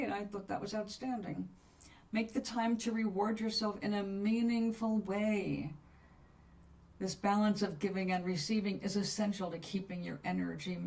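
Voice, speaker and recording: A relaxed woman with a mid-range voice hosts a chatty live stream, reading cards for her viewers. She's soothing and unhurried, with long pauses, and the somewhat distant mic picks up faint background ambience.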